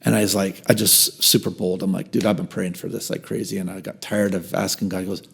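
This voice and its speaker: A man's voice: deep voice, fast, vocal fry, husky. A man in his fifties, a podcast guest telling a personal story animatedly, acting out quotes and dropping into whispers. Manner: animated storyteller who acts out quotes and drops into whispered asides.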